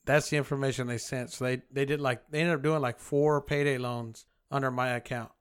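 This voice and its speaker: A man's voice: mid-range voice, a little fast, smooth, dry recording, clean studio sound. A man co-hosting a podcast, telling a story in casual chat and acting out both sides of a phone call, swearing freely. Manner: profane, animated retelling with quoted dialogue. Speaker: podcast co-host.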